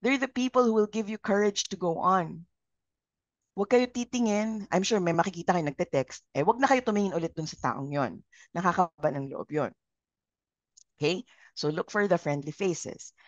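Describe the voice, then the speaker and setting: A woman's voice: mid-range voice, lively intonation, normal speed, no room sound. A woman with a Filipino accent leading a live communication training, engaging the group with questions. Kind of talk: live training session, Taglish. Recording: dull lo-fi sound.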